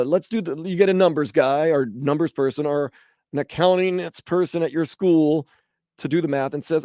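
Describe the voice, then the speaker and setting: A man's voice: fairly high pitch, moderate pace, no room sound, clean studio sound. A man hosting sports talk radio, chatting casually and acting out hypothetical quotes. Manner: animated, acts out quotes in voices.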